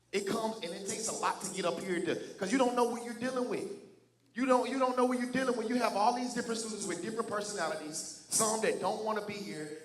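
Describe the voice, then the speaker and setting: A young man from Louisiana with a Southern accent, giving an energetic motivational speech to students and leading call-and-response. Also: high-pitched, reverberant. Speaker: fitness group founder and motivational speaker. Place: large hall at a youth summit.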